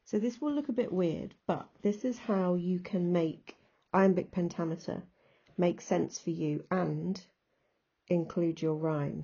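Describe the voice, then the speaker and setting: A woman's voice: lowish voice, warm tone, husky, highs cut off. A woman with an English accent, teaching a recorded lesson and patiently talking through examples step by step.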